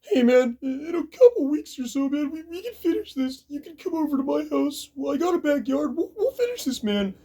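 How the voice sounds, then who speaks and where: A man voicing a beaten professional boxer who is weeping and pleading, his voice cracking high. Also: sing-song, fairly quick, hardly any pauses, mellow, full character voice.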